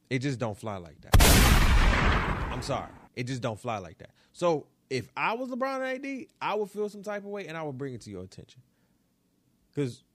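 Hosting a basketball talk show, a man from New York delivers animated commentary, ranting hard and repeating lines for effect. He's recorded close in a small room; his voice is a little high and the recording dry.

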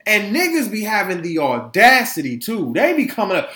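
Man, podcast co-host, emphatic profane ranting, slightly high voice. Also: huge pitch swings, normal speed, hardly any pauses, fairly bright tone, echoey room. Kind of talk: casual chat.

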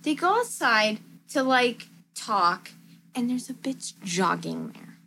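Woman, podcast co-host, animated casual recapper, slightly high voice, cusses often. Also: slow, creaky, a little hiss or hum. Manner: animated, swears freely, acts out quotes. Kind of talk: casual movie recap chat.

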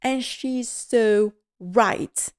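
A woman's voice: fairly high pitch, extremely slow, a little hiss or hum. A woman host giving a casual, gushing episode recap, emotional and full of fillers.

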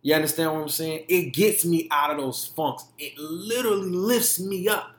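A man's voice: a little high, moderate pace. A young man hosting a podcast, speaking candidly and emphatically, often profane, acting out the way he talks to himself. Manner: candid and emphatic, profane, mimicking his own inner talk. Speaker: podcast host. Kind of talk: candid monologue. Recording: echoey room.

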